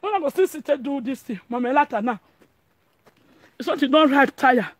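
A woman's voice: high-pitched, animated, normal speed, no room sound. A woman with a Nigerian accent chatting casually to her vlog audience, laughing often and speaking pidgin English. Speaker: vlogger. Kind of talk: casual home vlog chat.

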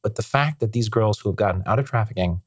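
A man chatting as a podcast guest, excited and rambling, with lots of filler words and restarts. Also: on the low side, fast talker, husky, no room sound. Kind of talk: casual conversational interview.

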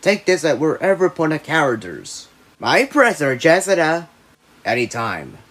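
A woman voicing a husky cartoon witch. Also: deep voice, big pitch swings, a little slow. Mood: scheming. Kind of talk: cartoon voice acting.

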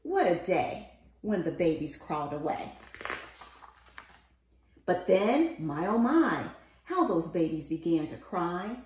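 A woman reads a children's picture book aloud in a sing-song storytelling voice. Her pitch swings widely as she calls out the quoted lines. The room around her sounds roomy and echoey. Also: very animated, slow pace, pauses often, darkish tone, a little hiss or hum. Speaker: storybook reader.

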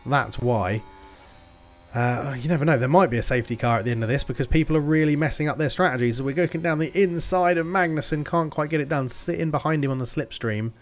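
Male gaming host, excitable play-by-play, swears and shouts at the screen. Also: on the high side, fast. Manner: excitable, swears and yells at the game. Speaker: gaming YouTuber. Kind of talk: game commentary.

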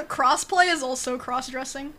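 A woman's voice: high-pitched, a little slow, pushed and bright, soft background music. A young woman streaming from home, chatting casually and thinking aloud, laughing often at her own ideas.

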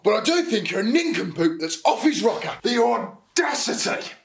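An actor playing a sceptical, fussy brother in a comedy sketch, scornful and theatrically exasperated. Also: male voice, sits high, very animated, moderate pace, creaky, heavily acted. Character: sceptical, fussy brother with old-fashioned words.

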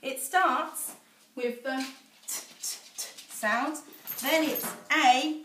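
A young woman, an infant school teacher, teaches phonics to small children at home, sounding out letters in a sing-song way. Her voice is high-pitched, slow, and fairly bright. The room is echoey, her voice a little far off, with slight background noise.

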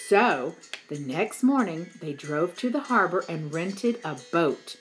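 Unhurried, expressive woman storyteller. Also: lowish voice, faint music behind, low-quality recording. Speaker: storybook reader. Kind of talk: children's storybook read-aloud.

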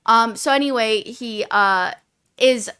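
A woman co-hosting a book podcast, recapping the plot in a rambling, animated way with lots of fillers. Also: fairly high pitch, slow pace, clean tone. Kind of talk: casual book discussion.

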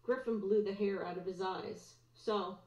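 Woman teacher, storybook read-aloud, mid-pitched, echoey and muffled room sound. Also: steady tone, normal speed, darkish tone. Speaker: teacher reading aloud to students. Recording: roomy, dull lo-fi recording.

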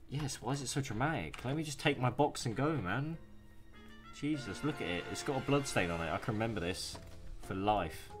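A man's voice: mid-range voice, expressive, a little fast. A young man giving casual, profane gameplay commentary and taunting the enemies he hunts. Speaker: gaming YouTuber. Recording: music playing behind the voice.

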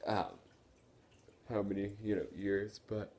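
A sleepy teenage boy talks to his camera from his bedroom, his voice sitting quite low. He rambles and apologizes, stalling on ums and restarting his sentences. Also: normal speed, fairly bright tone. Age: late teens. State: tired and yawning. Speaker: vlogger. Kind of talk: casual chat to camera. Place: bedroom at home.

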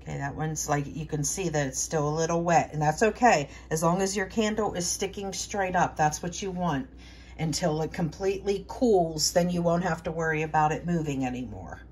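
A woman's voice: low voice, normal speed, a little mellow, a little hiss or hum. Chatty woman demonstrating a home craft. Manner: chatty, thinking aloud with fillers and restarts. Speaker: host of a home cooking and preparedness channel. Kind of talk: casual how-to demonstration.

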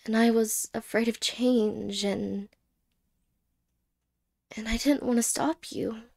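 A woman as a hesitant, wistful ex-girlfriend in a slow whispered role-play. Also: a little high, fairly even intonation, vocal fry, heavily acted. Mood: tender. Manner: halting, hesitant, soft-spoken with whispered words. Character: wistful, apologetic young ex-girlfriend.

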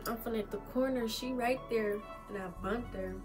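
A woman's voice: a little high, brisk, over music. Laid-back young woman, slangy. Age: young adult. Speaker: vlog co-host. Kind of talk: casual storytime chat.

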